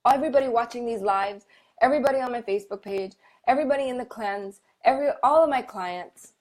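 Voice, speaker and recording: A woman hosting a casual live stream, chatting warmly and encouragingly with viewers with lots of fillers and restarts. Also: fairly high pitch, fast. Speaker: medical intuitive hosting a live Q&A.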